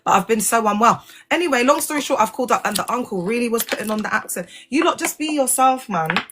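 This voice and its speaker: A woman's voice: on the high side, lively intonation, fast talker, background noise. A woman hosting a casual livestream, talking animatedly and in slang straight to her viewers. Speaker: livestream host, former church member.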